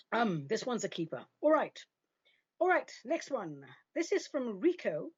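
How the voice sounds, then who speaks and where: A woman with a husky voice hosts a radio advice show, and her pitch rises and falls a lot as she makes her points. She talks in a chatty, emphatic, opinionated way. The sound is dry and a little dull. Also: big pitch swings, normal speed, no echo. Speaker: host answering listener questions.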